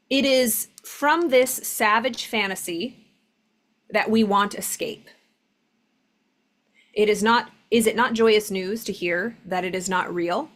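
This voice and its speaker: A woman giving a casual spiritual lesson, talking loosely with lots of fillers and reading passages aloud. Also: mid-range voice. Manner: conversational, many "like" fillers, reads passages aloud. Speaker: spiritual teacher.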